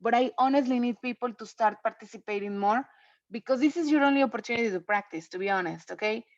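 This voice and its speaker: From home, a woman English teacher with a voice on the high side gives an online lecture, explaining rules to her class at a quick pace. There's no room sound, but the computer-mic video call audio is dull and lo-fi. She chats and repeats herself, frequently asking "okay?".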